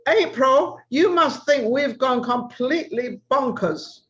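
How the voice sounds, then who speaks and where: A woman's voice: sits high, animated, slow pace, a bit bright, dull audio. A woman with an English accent hosting a casual interview, chatty and teasing, calling her guest "my dear". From England. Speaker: talk show host.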